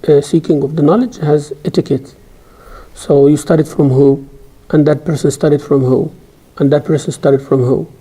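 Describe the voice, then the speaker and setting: Middle-aged lecturer, dark gravelly voice, emphatic classroom delivery. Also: male voice, on the high side. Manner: emphatic, rising sharply when stressing points; recites scripture in rapid chant. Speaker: Islamic studies teacher.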